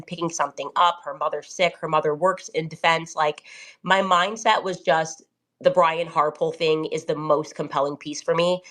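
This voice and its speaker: A woman with a low voice chatting as a podcast guest. She thinks out loud, pausing and hedging with fillers as she goes. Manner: thinking aloud, hesitant with fillers. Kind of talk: casual talk.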